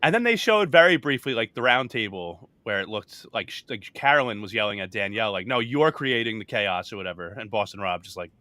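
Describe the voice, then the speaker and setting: A man co-hosting a reality TV podcast in loose, easygoing conversation. His pitch moves a lot and his tone is bright. The sound is dry and close, with no room around it. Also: expressive, a little fast, few pauses, no echo. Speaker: podcast host. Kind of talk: casual chat.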